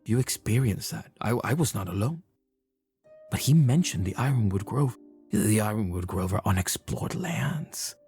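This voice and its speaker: A man voicing a shaken male archmage who stammers and speaks in a hushed, halting way. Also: lowish voice, animated, faint music behind.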